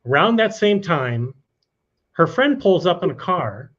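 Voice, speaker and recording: A man, a talk show guest, telling a personal story in a relaxed, conversational way with frequent "you know" asides. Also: high-pitched, a little slow. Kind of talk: casual storytelling. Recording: dull lo-fi sound.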